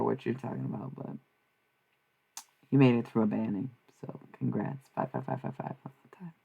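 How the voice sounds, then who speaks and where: Woman livestreamer, husky and low, casual and blunt, swears easily. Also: a little mellow. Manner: blunt and profane, musing aloud. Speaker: streamer giving psychic messages.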